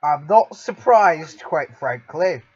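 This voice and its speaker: A man playing in a casual tabletop game, answering with wry, quick retorts. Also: a little high, animated, breathy edge, dull audio. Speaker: player.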